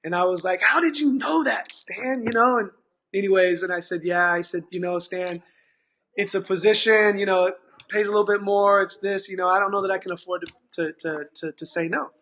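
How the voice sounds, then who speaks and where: High-pitched and brisk, a middle-aged after-school program manager from California recounts a story during a conversation as a guest. He's animated, voices the characters' dialogue, and keeps restarting.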